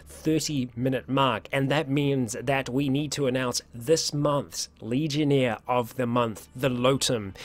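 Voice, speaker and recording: A man of ordinary pitch hosts a relaxed livestream chat and answers viewers one after another. He sounds upbeat and talkative, laughs easily and trips over his words now and then. His voice sounds a little worn. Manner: chatty and upbeat, laughs often, stumbles and restarts. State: voice getting worn. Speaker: livestream host.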